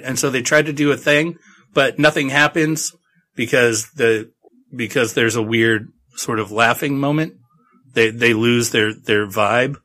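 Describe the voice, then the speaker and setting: A man recaps a book in a loose, rambling way, irreverent and quick to swear. His voice is bright and forward, at a middle pitch for a man.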